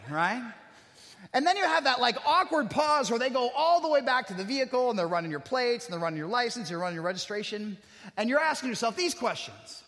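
A man's voice: very high-pitched, expressive, brisk, a bit bright. A man preaching a sermon, telling personal stories with self-deprecating humor and rhetorical questions. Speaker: pastor. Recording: echoey hall with long reverb.

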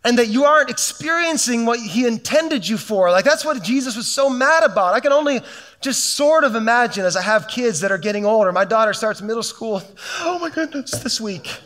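A man's voice: extremely high pitch, brisk, fairly bright tone. A middle-aged man preaching a sermon as a pastor, fervent and conversational, often restarting his sentences.

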